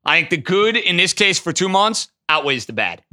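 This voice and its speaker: A man hosting a call-in sports talk show, taking callers and arguing his takes emphatically. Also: sits high. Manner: emphatic, animated, quick to riff. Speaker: sports radio host.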